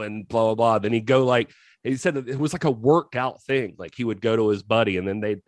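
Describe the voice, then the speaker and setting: A man's voice: mid-range voice, brisk, dry recording. A man co-hosting a casual film podcast, telling stories in a rambling way with many fillers and restarts. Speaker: podcast co-host. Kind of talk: casual chat.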